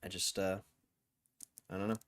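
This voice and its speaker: A man hosting a stock livestream, chatting casually with viewers in a low, flat tone he says can sound angry. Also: normal speed, clean tone. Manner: breaks into song and a high cheery put-on voice as a joke.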